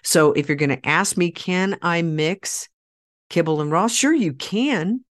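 A woman's voice: lowish voice, expressive, measured pace. A woman hosting a podcast, talking straight to her listeners in a persuasive monologue, emphatic and repeating key phrases for force. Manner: direct address to listeners, rallying tone. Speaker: podcast host.

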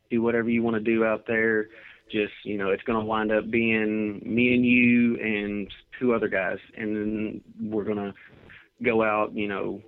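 A man with a somewhat low voice tells long, laid-back anecdotes in a casual interview. He comes through a narrow, phone-like line. The sound is dry and close, with no room around it. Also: no room sound. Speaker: professional wrestler guest.

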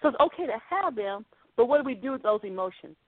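A woman's voice: a little high, animated, quick pace, dry recording. A woman preacher delivering an earnest, conversational podcast sermon. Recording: dry, phone-like narrow sound.

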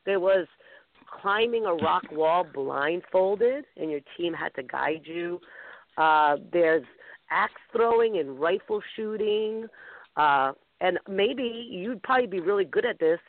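Woman host chatting away excitedly, tinny phone sound, dry. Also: on the low side, slow, no room sound. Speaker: talk show host. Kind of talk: casual call-in chat.

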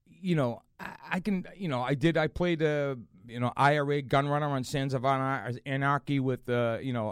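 A middle-aged man with a Boston accent, an actor guest in a casual interview, telling animated stories with frequent laughs and lots of "you know". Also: medium pitch, clean tone, no echo, clean studio sound.

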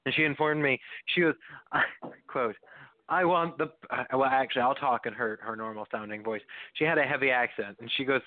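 A man's voice: mid-range voice, fairly quick. A man co-hosting a podcast, telling an anecdote wryly and laughing now and then. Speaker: podcast co-host. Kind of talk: casual chat, storytelling. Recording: tinny phone-like sound.

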